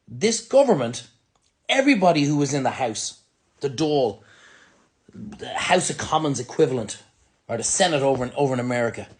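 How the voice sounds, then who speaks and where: Heated Irish man with a lively voice. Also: on the high side. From Ireland. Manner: angry, blunt and sweary. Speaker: restaurant business owner. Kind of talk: ranting vlog monologue to camera.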